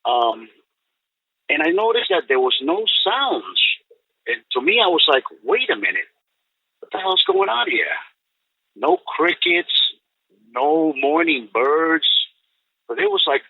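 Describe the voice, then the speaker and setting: Older man, husky, lively pitch, rambling phone-in storyteller, tinny line. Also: moderate pace, dry recording. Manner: rambling, full of "you know" and restarts. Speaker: guest recounting an encounter. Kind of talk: storytelling on a call-in podcast. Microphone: telephone.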